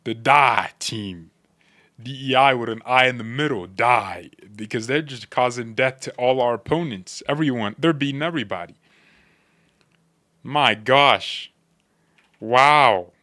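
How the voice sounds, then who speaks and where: A man's voice: mid-range voice, moderate pace, no room sound, clean studio sound. Joking slangy man on a fan channel. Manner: joking, animated reactions, slangy. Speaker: football fan channel host. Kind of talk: casual commentary to chat.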